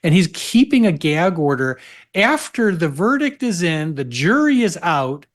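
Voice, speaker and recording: A man appearing as a legal analyst guest on a talk show, making his argument in a measured way. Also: on the high side, sing-song. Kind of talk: political talk show conversation.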